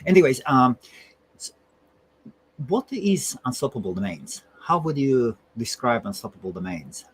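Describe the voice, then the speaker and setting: A man hosting a casual livestream interview, enthusiastic and quick to laugh. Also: medium pitch, sing-song, husky. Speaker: livestream host.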